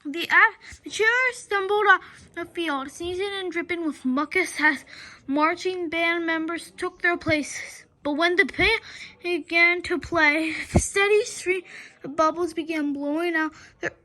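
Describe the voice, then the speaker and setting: Woman reading a children's book aloud, very high, bright tone, animated, with stumbles and restarts. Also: measured pace. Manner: lively storytelling with frequent stumbles and restarts.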